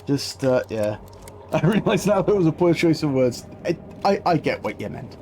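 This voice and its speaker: A man streaming a game live, with a fairly high voice for a man. He keeps up a loose, chatty running commentary, swearing casually and answering his chat as he plays. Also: sing-song, moderate pace, background noise.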